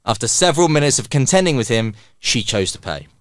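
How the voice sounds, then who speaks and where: A man as guest on a comedy podcast, reacting loudly and reading a joke aloud. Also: mid-range voice, sing-song, fast talker, no echo, studio quality. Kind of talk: casual chat and joke reading.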